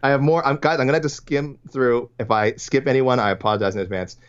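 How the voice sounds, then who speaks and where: Quick and rambling, a Canadian co-host of a casual sports podcast frequently corrects himself mid-sentence. His pitch is medium, and the recording is muffled with a little background noise.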